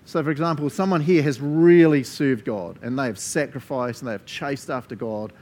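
A man's voice: medium pitch, normal speed, a little mellow. A man preaching a sermon as a pastor, earnest and conversational, laughing often between asides.

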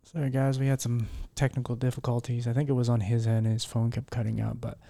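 Male podcast host at home, candid and rambling, gravelly voice in a dry room, worn down. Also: mid-range voice, monotone, quick pace, warm tone, no echo. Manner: rambling, candid, with frequent fillers and restarts. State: low-spirited and worn down. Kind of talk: candid solo podcast chat.

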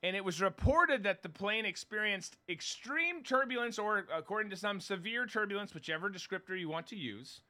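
A man's voice: high voice, expressive, brisk, hardly any pauses, sharp tone. A man hosting a casual political talk show, blunt and swearing, often laughing mid-sentence. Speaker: host.

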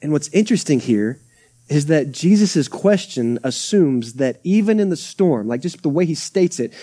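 A man's voice: on the high side, mellow. A young adult man, a pastor preaching a conversational sermon with acted-out quotes and asides. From Texas. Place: church sanctuary.

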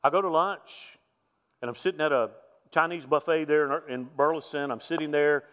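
A middle-aged man preaching a sermon, telling a personal story with feeling, rising to loud quoted lines and sinking to a near hush. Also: fairly high pitch, moderate pace, clean tone. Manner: heartfelt storytelling with quoted voices, swelling and dropping to a hush. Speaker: pastor. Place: church sanctuary. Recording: long reverb of a church hall.

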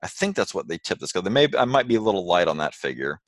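A man telling a story in casual chat with animated delivery, acting out quotes. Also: sits low, fast talker, no echo. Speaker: co-host, sailor.

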